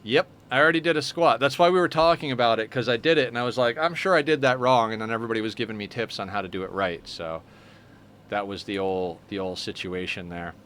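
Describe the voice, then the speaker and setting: A man's voice: fairly low pitch, steady tone, fast talker, a bit bright, smooth. A man streaming a game live, chatting casually and answering his viewers as he plays. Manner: chatty, answers viewer chat while playing.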